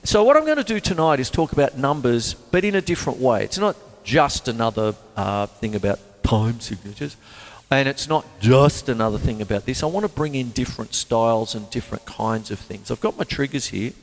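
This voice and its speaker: A man hosting a drum show, teaching in a casual, chatty way and counting beats out loud. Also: mid-range voice, brisk. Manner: animated, counts beats aloud in rhythm. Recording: long reverb with drum music behind.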